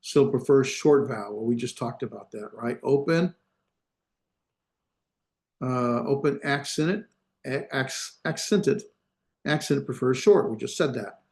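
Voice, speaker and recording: A male instructor walks his class through a grammar lesson over a video call. He explains one point at a time and keeps pausing to make sure the students are following. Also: medium pitch, darkish tone. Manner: explains step by step, often checking the class follows. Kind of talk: online class lecture.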